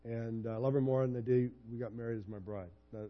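The sound is lo-fi as a fifty-something male pastor preaches at a fairly quick pace in a medium-pitched voice. He keeps it conversational and personal, telling stories and becoming animated while retelling them.

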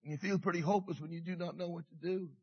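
A middle-aged man preaching a sermon with passion, dropping to a hush and rising again, repeating his phrases. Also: high-pitched, steady tone, racing, husky, dull audio. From Canada. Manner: passionate, swings from hushed to loud, repeats phrases. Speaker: pastor.

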